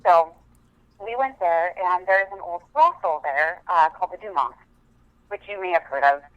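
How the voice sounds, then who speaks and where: A woman's voice: fairly low pitch, moderate pace, no echo. A woman from Montana rambles through her story, heavy on fillers. She calls in on a phone line that sounds dull and lo-fi. The sound is dry. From Montana, USA. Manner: chatty, rambling with many fillers. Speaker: caller.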